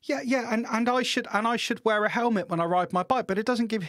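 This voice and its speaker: A middle-aged man co-hosting a podcast, telling stories in an animated, swearing rant with lots of restarts. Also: extremely high pitch, quick pace, no room sound, studio quality. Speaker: podcast co-host. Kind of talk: casual ranting chat.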